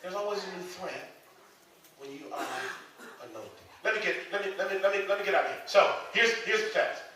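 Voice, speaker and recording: A man's voice: high voice, lively intonation, brisk, background noise. A man preaching a sermon to his congregation, stammering and repeating himself as he talks to the pews. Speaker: pastor. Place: church sanctuary. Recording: echoey sanctuary, distant mic.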